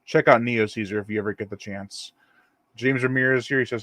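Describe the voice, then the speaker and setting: A man's voice: medium pitch, brisk, no echo. Male host, easygoing rambling live-stream chat, dry close sound. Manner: rambling and relaxed, reads viewer comments aloud. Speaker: channel host.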